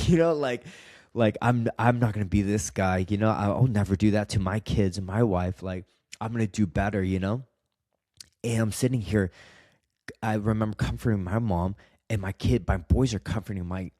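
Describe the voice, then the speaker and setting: A man's voice: lowish voice, moderate pace, a little mellow, dry recording, studio quality. A man, a podcast guest telling an emotional personal story candidly, with frequent swearing and fillers.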